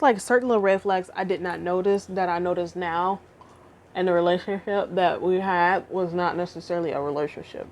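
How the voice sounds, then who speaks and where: A young adult woman casually telling a personal relationship story to her viewers. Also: fairly low pitch. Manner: casual, animated storytelling, addresses viewers directly. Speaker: vlogger. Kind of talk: storytime chat.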